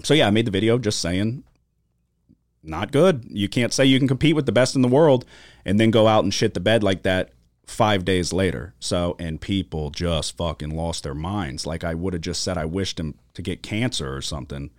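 A man with a deep voice, speaking at normal speed with no echo, co-hosts a studio podcast. He tells stories in casual chat, swearing freely and acting out quoted voices in profane, animated fashion.

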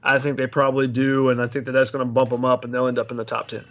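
A man co-hosting a casual sports podcast, reasoning through his points in a measured, thoughtful way. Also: mid-range voice, flat delivery, fairly bright tone, muffled recording. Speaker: podcast co-host.

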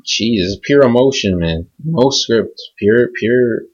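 On his podcast, a young man vents in a furious, swear-filled, rambling rant with no script. He speaks slowly but with lively intonation, his medium-pitched voice slightly rough over lo-fi audio.

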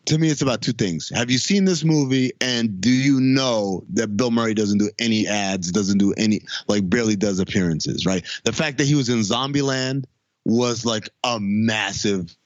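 A man's voice: mid-range voice, dry recording, dull audio. Blunt joking man hosting a chat. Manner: leads the segments, blunt and joking. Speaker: podcast host. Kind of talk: casual chat.

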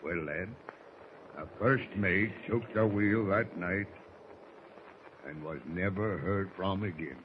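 Man playing a booming salty first mate. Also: animated, measured pace, close to an everyday voice. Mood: gruff yarn-spinning. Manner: hearty seafaring dialect, booming orders. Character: gruff salty middle-aged male ship's first mate. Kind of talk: 1940s radio drama acting. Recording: dull, faintly hissy old radio recording.

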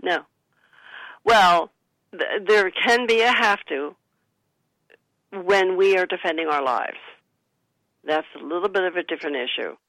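An author talking about her book, coaching listeners gently and acting out soothing sample replies. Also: medium pitch, unhurried, pauses often, dry recording, rough recording. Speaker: author and guest. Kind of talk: conversational advice talk.

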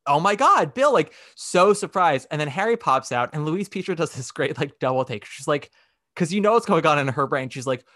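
Animated man retelling a musical. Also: fairly high pitch, brisk, dry recording, studio quality. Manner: animated storytelling, acting out quotes. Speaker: podcast co-host. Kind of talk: casual podcast chat.

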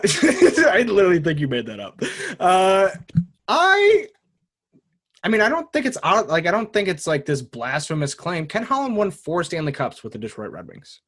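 A man hosting a casual sports podcast, talking in an animated way with frequent laughs and mock impressions. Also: on the high side, moderate pace. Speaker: podcast host.

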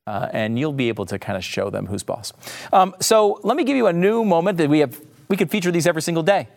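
A man's voice: on the high side, sing-song, quick pace, vocal fry. A man hosting a talk show, chatting casually with jokey, sarcastic asides. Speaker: podcast host.

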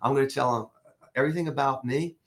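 An older man recounts an old investigation in an interview, talking in bursts with frequent false starts. His pitch sits in the middle of the male range but jumps up when the story gets tense. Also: quick pace. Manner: animated storyteller with many restarts. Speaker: interview guest, former investigator.

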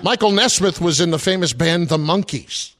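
A man hosts a sports radio show in a bright, fairly high voice. He quizzes his co-host with a dry, teasing edge. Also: expressive, moderate pace. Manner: teasing quiz-master, dry. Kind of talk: casual sports radio banter.

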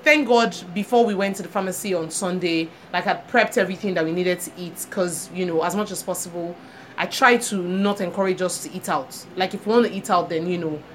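A woman's voice: on the low side, fast. A woman co-hosting a chat show, telling a story with animation and acting out the people she quotes. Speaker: podcast co-host. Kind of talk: casual chat. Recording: faint background noise.

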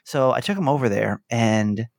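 A man's voice: mid-range voice, normal speed, creaky, no room sound, studio quality. A man hosting a podcast, telling a rambling, emotional story in casual chat. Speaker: podcast host.

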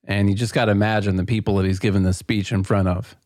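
A man co-hosting a podcast in casual chat, easygoing and quick to laugh along. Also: on the low side, steady tone, darkish tone, no echo, clean studio sound. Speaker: podcast co-host.

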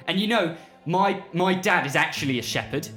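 A man's voice: on the high side, animated, moderate pace, pushed and bright, soft background music, pitched above the performer's own voice. A man playing a foul-mouthed, hostile hunter. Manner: swearing, blunt, threatening. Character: gruff hostile human hunter, father a shepherd.

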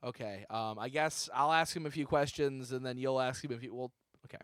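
A man's voice: medium pitch, fairly even intonation, a bit bright, no room sound, studio quality. Exasperated joking male podcast host. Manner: exasperated, rambling, quick jokes. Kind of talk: casual comedy banter.

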